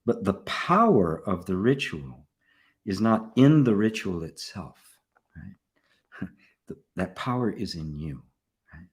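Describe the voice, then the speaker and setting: An older man, a spiritual teacher, giving a relaxed satsang talk, often checking in with "right?" and soft laughs. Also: low voice, slow pace, pauses often. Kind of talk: satsang talk, answering questions.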